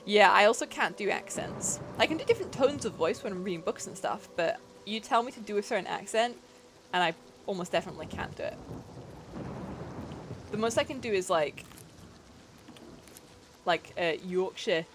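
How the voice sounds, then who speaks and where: A woman's voice: medium pitch, animated, normal speed, long pauses, noisy background. Chatty woman streamer, playful commentary. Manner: chatty, reacts to chat and game; playful, self-deprecating. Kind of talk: casual gameplay commentary.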